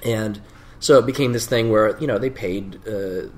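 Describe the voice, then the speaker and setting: A middle-aged man chatting as a guest, talking haltingly with lots of fillers and restarts. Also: on the low side. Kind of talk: casual conversational interview.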